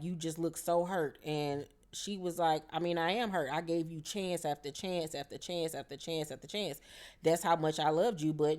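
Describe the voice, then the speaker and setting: A woman giving a chatty, slangy recap of a reality show episode, often mimicking the cast's lines. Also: low voice. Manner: chatty, slangy, quotes the cast in lively voices.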